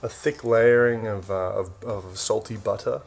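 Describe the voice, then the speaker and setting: A man's voice: on the low side, fairly even intonation, moderate pace, creaky, faint music behind. A man with an Australian accent, casually explaining slang to the camera in a laid-back, dry, self-mocking way. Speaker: actor teaching slang.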